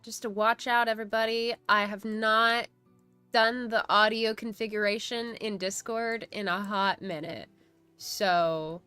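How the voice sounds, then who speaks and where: Woman streamer, casual chat host, bright and crisp, giggly. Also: medium pitch, steady tone, a little slow, no echo, soft background music. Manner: reads chat aloud, chatty and giggly. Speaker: streamer hosting a study stream.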